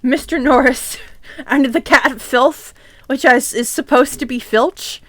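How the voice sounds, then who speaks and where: A woman's voice: high voice, slow, a bit bright, no room sound. A woman streamer reading a fanfic aloud, irreverent and swearing, with giggly asides.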